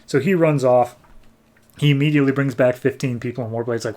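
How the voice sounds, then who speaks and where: A man recaps and reviews a comic on a podcast, talking loosely and piling on "like"s. His voice sits at a medium pitch and keeps a casual, unscripted feel. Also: fairly even intonation, fairly quick, a little mellow. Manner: rambling, lots of "like", acts out characters.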